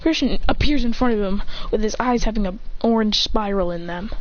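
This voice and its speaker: A woman telling an improvised fan story, acting out the characters' lines in between. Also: brisk. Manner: rambling, acts out lines, jumps in pitch. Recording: dull lo-fi home recording with faint hiss.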